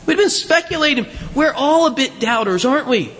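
High, bright-voiced preacher in a reverberant church. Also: male voice, expressive, brisk, a little hiss or hum. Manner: conversational, frequent rhetorical questions and asides. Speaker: pastor. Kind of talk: sermon. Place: church sanctuary. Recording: long reverb of a large hall.

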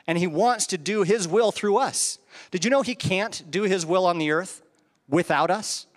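A man's voice: high voice, normal speed. A man preaching a sermon into a handheld microphone, conversational, with rhetorical questions and chuckles at his own asides. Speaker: pastor. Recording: reverberant hall.

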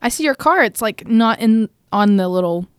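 A young woman, co-hosting a podcast, telling a story in a lively way, laughing often and acting out what people said. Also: on the high side, normal speed, clear, resonant tone, dry recording, studio quality. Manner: animated, laughs often, acts out quotes. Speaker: podcast co-host. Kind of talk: casual chat, storytelling.

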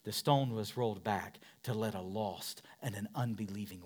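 Impassioned preacher man, shouts to whispers. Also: lowish voice, normal speed, few pauses. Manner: dramatic preaching, swinging from shouts to hushed whispers; repeats phrases for emphasis. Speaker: pastor. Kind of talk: sermon.

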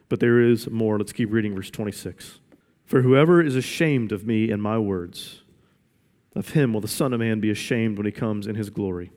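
Heard in a large hall with long reverb, a man with a darkish, mid-range voice preaches as a pastor. His delivery is emphatic, and he repeats questions to give them weight.

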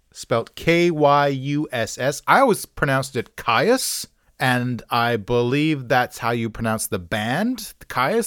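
A man's voice: mid-range voice, fairly bright tone, dry recording, studio quality. A man hosting a pronunciation channel, talking casually with wry, offhand jokes and self-mocking asides. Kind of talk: casual talk-through with jokes.

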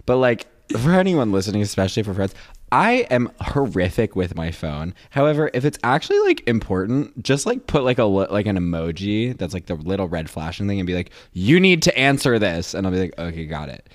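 A man in his twenties co-hosting a podcast, telling stories in a casual, animated way and acting out voices. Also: fairly low pitch, brisk, no echo, studio quality. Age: 20s. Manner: animated storyteller, acts out voices, laughs often. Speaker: podcast co-host. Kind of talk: casual chat.

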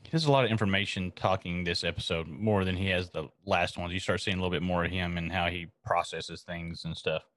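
A man co-hosting a podcast in casual chat, chiming in with quick joking quips. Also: deep voice, fairly even intonation, a bit bright, dry recording. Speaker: podcast co-host.

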